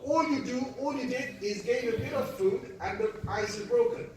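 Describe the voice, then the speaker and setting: A man giving an animated storytelling lecture, acting out voices and laughing at his own jokes. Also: very high-pitched, moderate pace. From Britain. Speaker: Islamic lecturer. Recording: echoey hall, speaker far from the mic.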